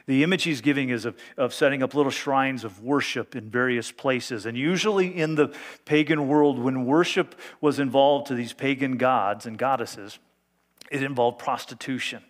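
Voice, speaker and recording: A man pastor preaching a sermon, reading scripture aloud and explaining it earnestly and emphatically. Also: mid-range voice.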